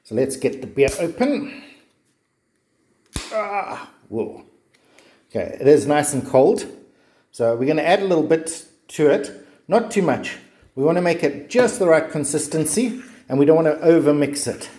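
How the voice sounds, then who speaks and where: A man's voice: a little high, expressive, moderate pace, warm tone, roomy sound. A man giving a chatty, joking cooking demonstration. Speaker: cooking vlogger.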